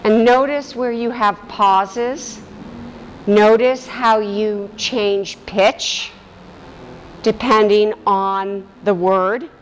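A woman teacher leading a guided vocal meditation in a calm, gently instructive way. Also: medium pitch, drawn-out words, big-room sound, slight background noise, poor audio. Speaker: voice and breath teacher.

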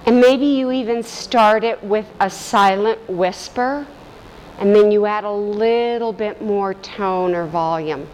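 Slow, calm woman guiding a vocal meditation. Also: medium pitch, big-room sound, a little hiss or hum, low-quality recording. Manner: slow, calm, gently instructive. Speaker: voice and breath teacher.

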